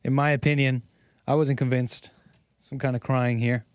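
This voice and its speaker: A man's voice: medium pitch, flat delivery, normal speed, clean tone, no echo, studio quality. A man hosting a stream, giving sarcastic, rambling commentary on news clips. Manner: mocking, rambling, incredulous.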